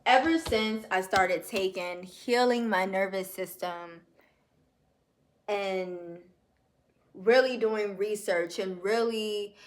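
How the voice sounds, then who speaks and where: A woman's voice: medium pitch, a bit bright. A young woman talking in a personal video journal, reflective and heartfelt, chatting casually to her viewers with many fillers. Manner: slow, reflective and heartfelt, addresses viewers as y'all.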